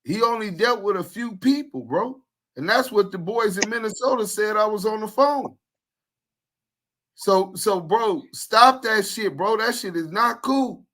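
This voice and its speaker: Blunt, bright-voiced male podcast host. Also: high-pitched, expressive, unhurried. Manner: blunt and confrontational, street slang. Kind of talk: casual podcast chat.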